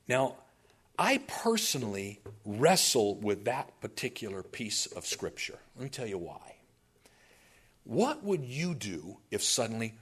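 Pastor guy preaching, lively storyteller, mid-pitched voice. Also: moderate pace, breathy edge. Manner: animated storytelling with asides to the congregation. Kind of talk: sermon.

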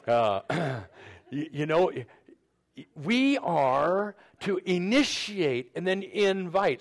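A man's voice: high voice, lively intonation, a little slow. A man preaching a conversational sermon, often repeating words and restarting sentences as he addresses the men and the women in turn. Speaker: pastor.

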